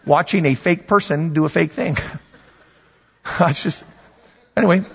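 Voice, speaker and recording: A man with a high voice preaches to his congregation, animated and conversational, repeating phrases and tossing asides to listeners. His voice rings through a large hall with a long reverb, and the sound is somewhat dull. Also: a little slow, vocal fry, a little hiss or hum. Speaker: pastor. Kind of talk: sermon.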